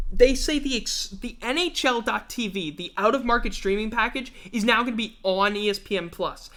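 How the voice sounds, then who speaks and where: Hosting a live stream, a man chats casually and rambles, swearing freely and joking at his own expense. He sounds yawny and tired, and his voice is high with a sharp tone.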